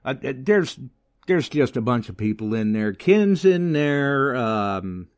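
A man hosting a live radio show, chatting excitably with big pitch jumps and quick asides. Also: no echo, studio quality.

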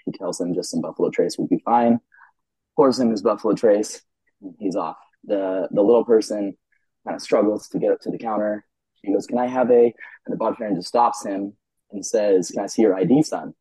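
A man guest on a podcast telling a joke in a deadpan manner. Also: on the low side, husky, no echo, poor audio.

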